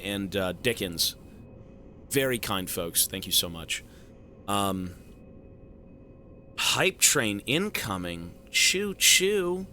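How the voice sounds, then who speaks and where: A male streamer thanking donors and joking with his live chat in a profane, animated way. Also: on the low side, slight background noise.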